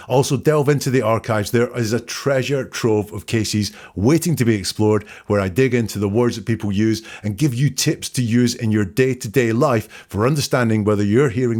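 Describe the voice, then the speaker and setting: A man hosting a solo commentary show, quoting interview lines back and picking apart the wording in a measured, analytical way. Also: mid-range voice, darkish tone. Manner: measured, analytical, quotes lines back then dissects them. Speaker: host analyzing interview language. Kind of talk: solo commentary, breaking down quotes.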